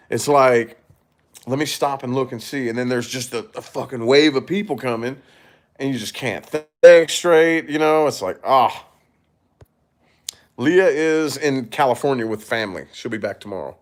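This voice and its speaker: A man's voice: medium pitch, moderate pace, long pauses. A man from Kentucky, a YouTuber, chatting casually with viewers in a rambling way, swearing and laughing often. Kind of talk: casual livestream chat.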